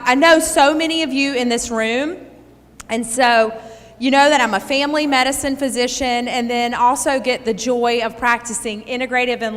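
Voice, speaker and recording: A woman's voice: high-pitched, bright, forceful tone. Eastern north carolina woman speaking in a hall. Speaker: physician introducing a keynote. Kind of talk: public speech to a live audience. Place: large hall. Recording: reverberant hall.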